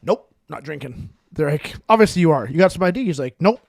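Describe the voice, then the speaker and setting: A man's voice: high voice, animated, quick pace, dry recording, studio quality. A man co-hosting a podcast, telling rambling stories in casual chat and laughing through them. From Canada. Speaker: podcast co-host.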